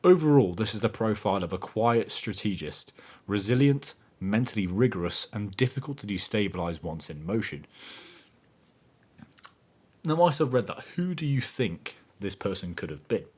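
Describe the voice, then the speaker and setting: A man with a fairly low voice, hosting a casual motivational podcast. He talks in an animated, emphatic way, often swearing. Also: normal speed, slightly rough. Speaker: podcast host.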